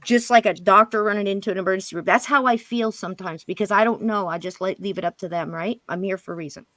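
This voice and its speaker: A woman telling a spirit story as a guest medium on a paranormal interview show, acting out what she and others said and dropping into a hush at times. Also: medium pitch, fast, no room sound. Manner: animated, quotes spirits and herself in hushed voice.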